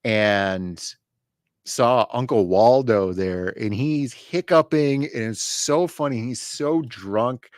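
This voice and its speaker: A man's voice: mid-range voice, slow, no room sound. A man chatting casually on a comics show, drifting into stories from the office. His voice sits in a middle register. The recording is dry and close. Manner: storytelling, mimics drunk voices in anecdotes. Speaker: co-host of comics channel. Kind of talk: casual chat.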